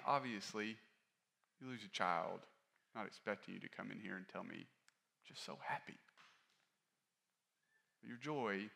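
A man with a fairly low voice delivering a sermon from the pulpit. He talks candidly and conversationally, pushing up in force for key points, then sinking quiet and low for confessions. The delivery feels like a pastor speaking to his own congregation. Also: gravelly. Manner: candid, conversational preaching that rises and falls in force.

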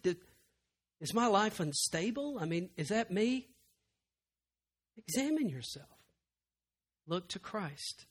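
A man preaching a sermon in a church, swinging between loud emphatic passages and hushed, intimate ones. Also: sits high. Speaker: pastor.

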